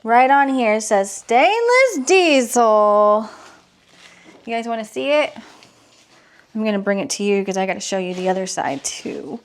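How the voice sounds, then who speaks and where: A woman talking casually to her viewers in a vlog, excitable and gushing, with nervous exclamations. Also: a little high, measured pace. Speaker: vlogger. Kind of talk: casual unboxing vlog talk.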